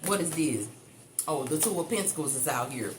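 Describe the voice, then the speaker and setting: A woman's voice: deep voice, lively intonation, normal speed. A woman giving a chatty, blunt tarot reading, swearing freely and calling her listeners baby and honey. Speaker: tarot reader. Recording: echoey room with faint ambient noise.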